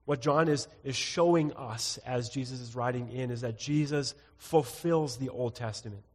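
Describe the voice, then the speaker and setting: A man's voice: mid-range voice, moderate pace, a little mellow, long reverb tail. A man preaching a sermon, teaching through scripture and reading verses aloud with frequent "uh" fillers. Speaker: pastor.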